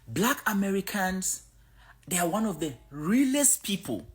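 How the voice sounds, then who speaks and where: Casting: outspoken African-born woman creator, lively pitch, speaks bluntly to camera. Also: measured pace. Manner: blunt, outspoken, animated storytelling. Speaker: social media creator. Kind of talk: casual opinion monologue to camera.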